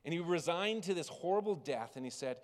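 A man preaching a sermon as pastor, telling a story with big swings between loud and hushed. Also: on the high side, animated, a little fast. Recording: long reverb of a large hall.

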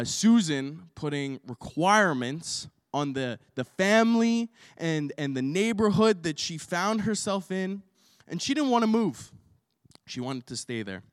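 An energetic man preaches a sermon, telling a story and putting questions to his congregation. His voice sits a little high, close and dry, yet trailed by long reverb. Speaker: pastor.

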